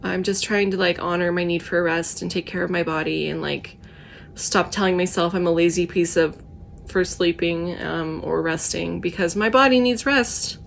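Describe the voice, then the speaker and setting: A woman with a froggy, tired voice, talking softly and earnestly in a casual personal vlog. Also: fairly low pitch, fairly even intonation, moderate pace, vocal fry, slight background noise. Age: adult with children. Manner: soft, earnest, self-reflective. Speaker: vlogger.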